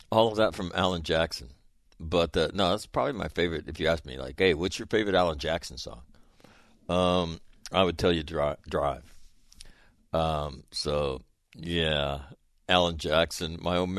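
This middle-aged man hosts a podcast, spinning a loose, rambling story full of fillers and restarts while chuckling at himself. He has a low voice. The studio sound is clean, with no room echo.

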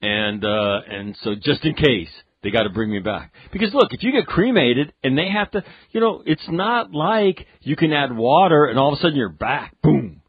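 A man's voice: mid-range voice, expressive, moderate pace, few pauses, slightly rough, no room sound, highs cut off. A man hosting a radio talk show, chatting casually and rambling with jokes. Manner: rambling, jokey, acts out quotes.

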